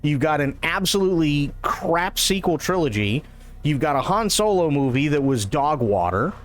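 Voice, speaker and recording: Animated, swearing male streamer. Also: a little high, normal speed. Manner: animated, profane ranting. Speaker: live streamer. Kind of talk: casual live-stream chat.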